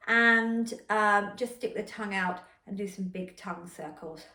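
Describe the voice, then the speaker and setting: A woman voice coach talks listeners through a vocal warm-up in a calm, encouraging way. Her voice sits at an ordinary pitch for a woman. It comes from a little away from the mic in a room with a lot of echo. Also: unhurried, distant mic. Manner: calm, encouraging instruction with spoken demonstrations. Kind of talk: guided vocal warm-up lesson. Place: indoor room. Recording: echoey room, voice a bit off-mic.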